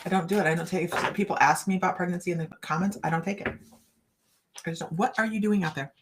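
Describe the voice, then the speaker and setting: A woman's voice: on the low side, steady tone, rapid-fire, background noise. A middle-aged woman reading cards on a casual live chat, rambling and laughing often. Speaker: psychic card reader.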